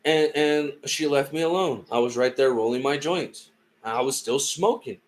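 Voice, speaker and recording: A young man from California tells a story in a loose, heated way, swearing freely and circling back on himself. His voice sits at an ordinary middle pitch. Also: moderate pace. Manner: profane, heated, rambling. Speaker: tarot live streamer. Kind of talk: casual storytelling.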